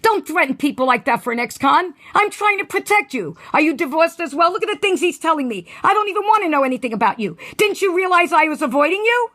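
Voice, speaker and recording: A woman's voice: extremely high pitch, animated, fast, hardly any pauses, a bit bright. A woman in a heated phone argument, accusatory and firm, lecturing the other side. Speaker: caller.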